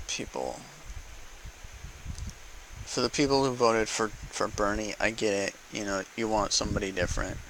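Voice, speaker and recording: A man's voice: on the low side, a little fast, few pauses, fairly bright tone, a little hiss or hum, low-quality recording. A man ranting heatedly to camera in an unedited vlog, swearing often and repeating words for emphasis. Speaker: vlogger. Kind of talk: unedited political rant to camera.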